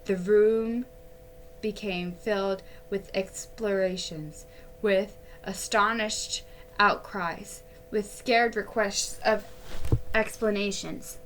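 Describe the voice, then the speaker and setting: A woman reading a classic ghost story aloud at a very slow, careful pace. Her voice is bright and clear, and she stumbles now and then and restarts a word before going on. A faint hum sits beneath her voice. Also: medium pitch, fairly even intonation. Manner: unhurried storytelling, a few slips and restarts. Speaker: narrator.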